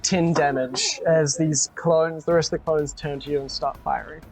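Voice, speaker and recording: A woman's voice: low-pitched, fairly even intonation, over music. A woman narrating as game master of a tabletop role-playing game, often laughing as she goes. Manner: laughs often while narrating, quick asides.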